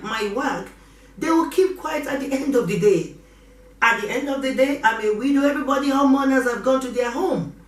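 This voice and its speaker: A middle-aged woman pastor, preaching with passion and repeating her pleas. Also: high voice. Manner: impassioned, repeats exhortations. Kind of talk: preaching sermon. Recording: roomy echo from a distance.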